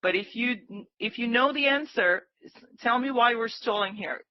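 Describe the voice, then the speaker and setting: Speaking at a moderate pace in a slightly high voice, a woman runs a day-trading livestream, shouting out price targets and eagerly urging the market on, almost pleading. There's no room sound, and the highs are cut off.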